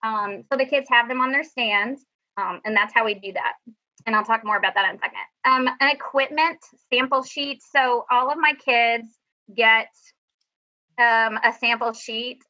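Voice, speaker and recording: Band teacher lady presenting on a video call, kinda high voice, chatty and upbeat, muffled lo-fi audio. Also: normal speed, sharp tone. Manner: chatty, self-deprecating, upbeat. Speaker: middle school band director. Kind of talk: teacher presentation over screen share.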